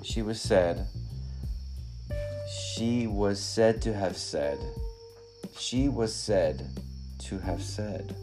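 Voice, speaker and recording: Male podcast host, lowish voice, tired and slightly drunk, rambling and profane, light music bed. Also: drawn-out words, pauses often. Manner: rambling, profane, self-interrupting. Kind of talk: casual late-night podcast monologue.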